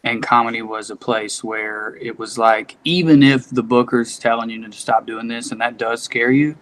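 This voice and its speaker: Man, East Tennessee accent, 30s, candid storyteller, casual podcast guest, mid-pitched. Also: fairly even intonation, moderate pace, fairly bright tone. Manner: candid storyteller, drawls into folksy quotes. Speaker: guest comedian.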